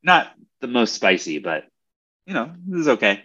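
A man's voice: mid-range voice, big pitch swings, normal speed, sharp tone, highs cut off. A man in casual chat, speaking in an easygoing way as he reviews snacks. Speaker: podcast co-host.

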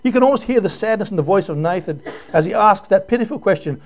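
A man's voice: sits high, expressive, quick pace, few pauses. A male pastor giving an earnest, emotional sermon full of rhetorical questions.

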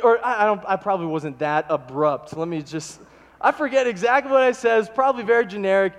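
A man preaching a sermon to his congregation, telling animated stories and acting out the quotes. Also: high-pitched, quick pace. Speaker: pastor. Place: church sanctuary. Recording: long hall reverb.

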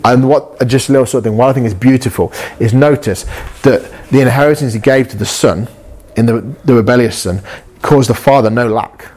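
A man's voice: medium pitch, a little fast, darkish tone. A man delivering a sermon, earnest and insistent. He leans on repetition, circling back to the same phrase to drive a point home, and throws rhetorical questions at his listeners. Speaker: pastor.

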